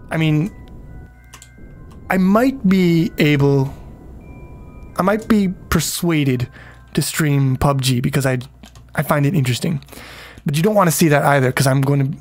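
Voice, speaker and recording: A man casually commenting on his game during a livestream, rambling, swearing freely and chatting with viewers. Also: on the high side. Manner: rambling, profane, talks to chat.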